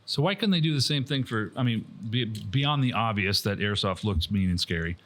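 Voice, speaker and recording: A man's voice: lowish voice, lively intonation, moderate pace, a bit bright, a little hiss or hum. A man as a podcast guest in casual chat, making short dry remarks.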